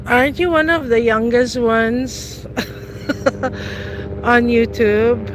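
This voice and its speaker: A woman's voice: a little high, slow pace, background noise. A middle-aged woman in casual, teasing chat with live viewers outdoors, laughing often. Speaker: vlogger. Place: outdoors on a city street.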